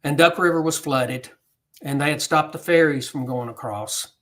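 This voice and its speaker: Man, history talk, storyteller, slightly high voice. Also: a bit bright. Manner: unhurried storyteller, acts out quoted dialogue. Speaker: guest speaker on history.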